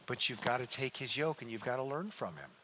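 A man preaching a sermon as pastor, animated, repeating phrases for emphasis. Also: medium pitch, a little fast, big-room sound, a little hiss or hum, low-quality recording.

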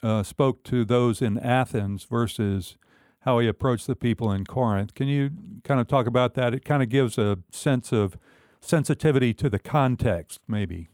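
Male co-host, mid-pitched, dry booth sound, halting question. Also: a little mellow, dry recording. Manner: hesitant, searching for words. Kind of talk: casual chat.

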